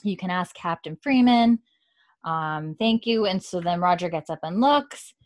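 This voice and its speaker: A chatty young woman talks through a show's episode in a relaxed, casual way. She slips into the characters' lines with a lifted voice, and her own voice sits fairly low for a woman. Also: a little slow. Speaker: podcast host recapping a TV episode. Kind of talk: casual chat recap. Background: dog heard at times.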